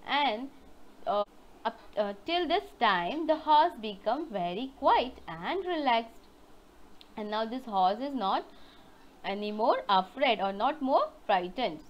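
Lady teacher talking real slow to little kids, kinda muffled recording. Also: fairly high pitch, very animated. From India. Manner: slow storytelling with questions to kids. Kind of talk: online class lesson for young children.

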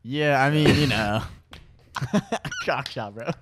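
A young man from Washington State, a podcast guest in casual chat, telling animated stories and laughing often. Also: medium pitch, slow, very noisy.

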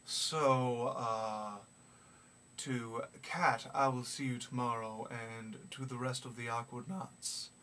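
A young man vlogging in a put-on gentlemanly Southern accent, speaking slowly and formally with many hesitant pauses from a small practice room. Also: medium pitch, fairly even intonation. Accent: put-on gentlemanly American Southern. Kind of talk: casual video diary. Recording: distant mic with faint background noise.

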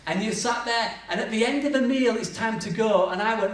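Male preacher, animated storyteller, recorded from afar in a reverberant hall. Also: sits high, a little fast. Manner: lively storytelling with acted-out voices and humor. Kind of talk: sermon. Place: church hall. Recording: echoey church hall from far off.

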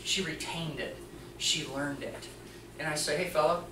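A mechanics teacher giving an animated storytelling talk to an audience, acting out the other people in the story. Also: mid-range voice, a little slow, long pauses, crowd noise. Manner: animated, acts out the dialogue of others. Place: presentation room before an audience. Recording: echoey room, voice from a distance.

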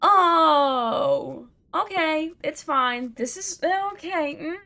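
A woman's voice: high-pitched, extremely slow, gravelly, bright, forceful tone. A woman giving casual, self-mocking commentary as she plays a video game, talking to herself, laughing and groaning at the game. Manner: exasperated sighs and outbursts at the game. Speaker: let's play gamer.

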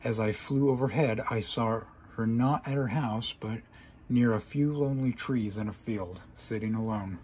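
Brief: male story reader, mid pitch, earnest dramatic first-person narration, faint ambient noise. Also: normal speed, darkish tone.

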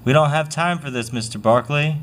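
A man's voice: a little high, fairly quick, a bit bright, natural voice. A man voicing a fussy manager who nags about schedules. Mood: nagging. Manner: fussy, nagging.

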